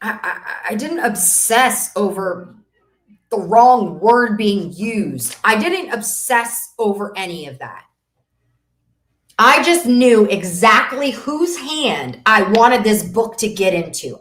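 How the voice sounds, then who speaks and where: In a roomy, echoing recording, a woman business coach hosts a masterclass in a mid-range, fairly bright, very animated voice, speaking slowly. Her motivational webinar talk is faith-driven and preachy, and she leans on emphatic repetition of phrases for effect.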